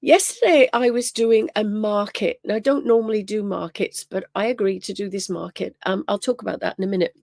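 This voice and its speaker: A woman's voice: mid-range voice, steady tone, fairly quick, gravelly, hardly any pauses, darkish tone, no room sound, studio quality. A woman hosting a casual livestream on spiritual topics, telling stories with lots of ums and greeting viewers by name.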